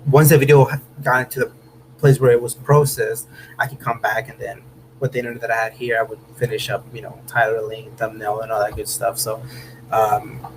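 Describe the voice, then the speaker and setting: A man's voice: lowish voice, level tone, a little fast, a little hiss or hum, low-quality recording. Laid-back chatty man streaming live. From Southern California. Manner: laid-back, chatty, says "man" and "bro" a lot, bursts of laughter. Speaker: host of a car channel livestream. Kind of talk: casual live-stream chat reading viewer comments. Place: home room.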